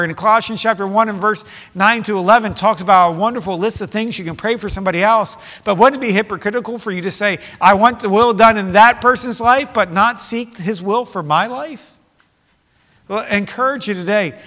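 A man's voice: high-pitched, bright, forceful tone. A middle-aged man preaching a sermon with impassioned force that swells and drops back. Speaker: pastor. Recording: long hall reverb.

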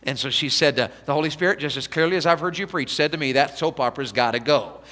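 A man preaching a revival sermon. He swings from hushed, slow pleading to loud, high-pitched exhortation. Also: in a large hall. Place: church sanctuary.

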